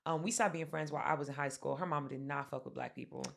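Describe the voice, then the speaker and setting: A young woman with a low, gravelly voice chats casually as a podcast co-host. She tells stories candidly, strewing "like" through her sentences and swearing freely. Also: fast talker. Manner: candid storytelling, heavy filler "like", swears freely. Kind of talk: casual chat.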